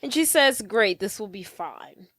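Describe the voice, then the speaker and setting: A woman's voice: mid-range voice, lively intonation, unhurried, a bit bright, dry recording. A woman co-hosting a podcast, playfully retelling a film and voicing the characters' lines. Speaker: podcast co-host. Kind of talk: casual movie recap chat.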